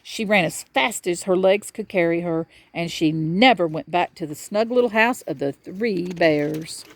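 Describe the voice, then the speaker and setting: A woman reading a children's storybook aloud to a young child in a lively storyteller's manner. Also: lowish voice, a little slow.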